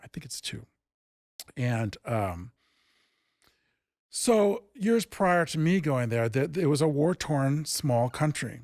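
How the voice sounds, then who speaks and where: A man who founded an improv theatre, telling stories in a casual interview and acting out the dialogue with lively jumps in pitch. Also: slow pace, long pauses, dry recording, studio quality. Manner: animated, acts out quoted dialogue with big pitch jumps.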